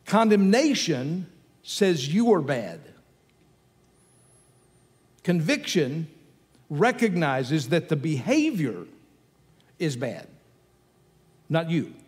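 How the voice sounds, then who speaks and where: A man's voice: a little high, very animated, drawn-out words, pauses often, darkish tone. A man preaching a sermon in a conversational way, repeating his key phrases for emphasis. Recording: long hall reverb with faint music.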